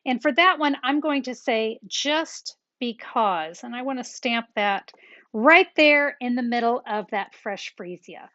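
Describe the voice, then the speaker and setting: A woman with a high voice walks viewers through a crafting project step by step, chatty and upbeat, as if talking to friends. Her voice is recorded close and dry, with a slightly dull, lo-fi tone. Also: moderate pace, a bit bright, no echo. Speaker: card-making tutorial host.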